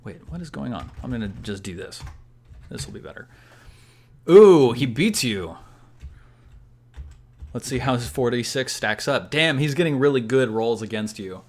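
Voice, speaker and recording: A man's voice: medium pitch, lively intonation, moderate pace, long pauses, a little mellow. Young man running a tabletop game. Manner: casual, explains rules step by step. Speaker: game master.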